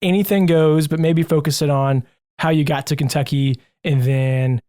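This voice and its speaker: Upbeat higher-voiced male podcast host. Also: fairly even intonation, normal speed, dark tone. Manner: upbeat, enthusiastic, jokey. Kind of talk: casual podcast interview.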